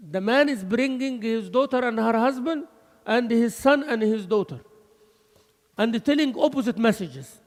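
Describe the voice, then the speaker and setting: A man giving an animated mosque lesson, switching between English and Arabic with laughing asides. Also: extremely high pitch, normal speed, in a large hall. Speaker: mosque teacher. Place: mosque hall.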